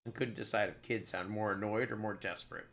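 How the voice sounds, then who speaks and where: Energetic male stream host. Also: lowish voice, fast talker. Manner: energetic, joking, loose. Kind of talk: reading game text aloud and chatting on a stream.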